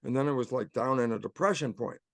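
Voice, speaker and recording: A man's voice: mid-range voice, fast, gravelly, no echo. An older man, a guest in an interview, telling personal stories animatedly and acting out inner voices. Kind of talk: storytelling interview talk.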